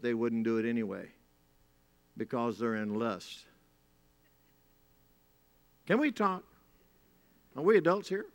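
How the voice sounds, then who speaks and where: A man's voice: mid-range voice, fairly bright tone. A man pastor delivering a sermon, preaching emphatically to the congregation and repeating phrases for effect. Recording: long reverb of a large hall.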